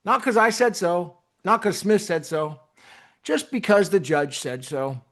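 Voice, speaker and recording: On his channel, a man casually retells a court hearing, animatedly acting out the voices of the people involved and restarting his sentences often. His voice sits high and he speaks unhurriedly.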